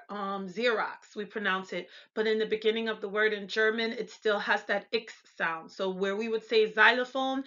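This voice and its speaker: Bright-voiced American woman teaching pronunciation. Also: mid-range voice, lo-fi sound. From United States. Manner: explanatory, stops to correct herself. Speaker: language tutor. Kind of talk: pronunciation lesson.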